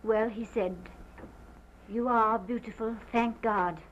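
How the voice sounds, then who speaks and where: A shaken planter's wife. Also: female voice, a little high, fairly even intonation. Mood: guarded. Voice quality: halting, breathless and theatrical. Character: distraught planter's wife recounting a shooting. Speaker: witness giving a statement. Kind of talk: early sound film acting. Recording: muffled 1929 film sound with faint hiss.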